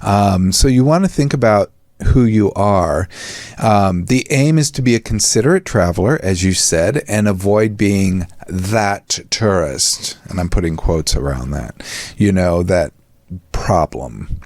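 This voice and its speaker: A man with a lowish voice hosts a casual psychology chat show. He rambles through friendly asides and laughs often. The sound is dry and close. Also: expressive, measured pace, a little mellow, dry recording. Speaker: podcast host.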